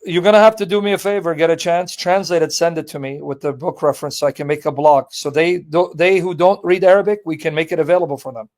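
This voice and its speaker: A man's voice: a little high, fairly even intonation, fast, hardly any pauses, darkish tone. A man hosting a live call-in debate stream, talking in a blunt, joking, casual way.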